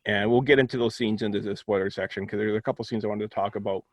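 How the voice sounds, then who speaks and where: A man's voice: fairly low pitch, fairly even intonation, quick pace, no room sound. Rambling man reviewing a film, dry sound. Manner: rambling, restarts a lot. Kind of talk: casual film review chat.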